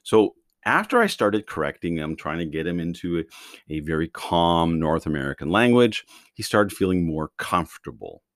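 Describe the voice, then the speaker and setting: Deep, lively-voiced Canadian podcast host. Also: male voice, no echo, clean studio sound. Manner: chatty storytelling with restarts and playful asides. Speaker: podcast host, driving instructor. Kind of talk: casual monologue podcast.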